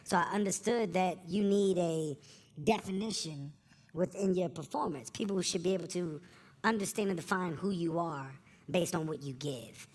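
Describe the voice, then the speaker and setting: A man telling candid stories in an interview as a comedian guest, earnest and animated, at a live event before an audience. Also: high voice, moderate pace, a little hiss or hum.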